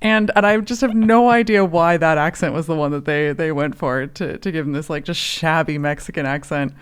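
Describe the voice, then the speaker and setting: Podcast lady chatting, smooth clear voice, bit low, laughs a lot. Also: normal speed. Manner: chatty, laughs while talking. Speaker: podcast co-host. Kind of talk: casual chat.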